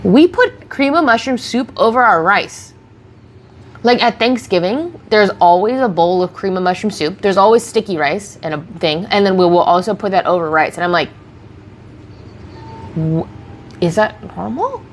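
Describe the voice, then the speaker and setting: A woman's voice: mid-range voice, lively intonation, normal speed, slight background noise. A woman livestreaming while getting ready, chatting casually and rambling as she answers viewers' questions on a close mic. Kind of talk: casual get-ready-with-me stream chat. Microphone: close streaming mic.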